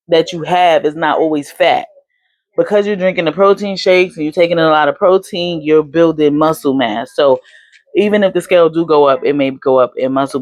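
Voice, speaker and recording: A woman's voice: deep voice, a little mellow, no echo. A young adult woman vlogging casually, chatty with lots of fillers. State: hiccups. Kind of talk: casual chat.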